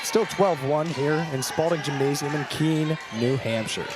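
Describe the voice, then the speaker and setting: A man's voice: a little high, a little slow. A young man doing playful play-by-play commentary for a college volleyball match in a gymnasium. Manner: playful, joking banter. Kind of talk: live sports commentary. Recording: loud crowd and gym noise behind.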